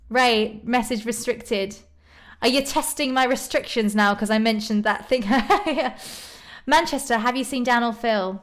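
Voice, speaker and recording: A woman's voice: a little high, moderate pace. A young woman from just northwest of London with a southern English accent, chatting casually on a live stream and answering viewers' questions with lots of ums and little laughs. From England, northwest of London. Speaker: YouTube singer hosting a live stream. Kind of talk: casual live-stream chat reading comments.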